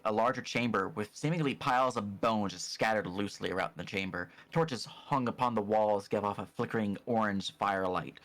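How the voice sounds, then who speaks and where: Low-voiced man narrating as game master. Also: a bit bright. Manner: descriptive, measured scene narration.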